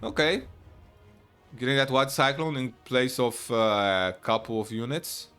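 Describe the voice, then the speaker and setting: A man casting a real-time strategy match live, chatty and quick to burst into excited shouts. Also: medium pitch, clear, resonant tone, faint music behind. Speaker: esports caster. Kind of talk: live play-by-play game commentary.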